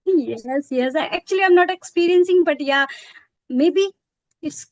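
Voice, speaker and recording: A woman's voice: very high-pitched, measured pace, dry recording, highs cut off. A woman, chatting in a practice conversation and hesitating often with fillers and self-corrections. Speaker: English practice partner.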